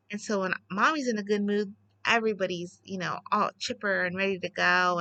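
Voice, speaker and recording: A woman craft vlogger chats from her home in a bright, forward voice, bubbly and excited. She rambles, restarts and gushes over each new supply. The sound is close and dry. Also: mid-range voice, no room sound, rough recording. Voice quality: bubbly, chatty. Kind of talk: casual chat.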